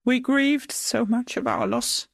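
A middle-aged woman being interviewed about becoming a mother, speaking in a halting, emotional, reflective way. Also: on the high side, gravelly, no echo, clean studio sound. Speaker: interviewee, mother of a donor-conceived child.

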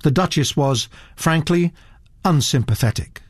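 A man reading a story aloud as narrator, measured and expressive. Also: fairly high pitch, no room sound, studio quality. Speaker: audiobook narrator. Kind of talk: scripted narration.

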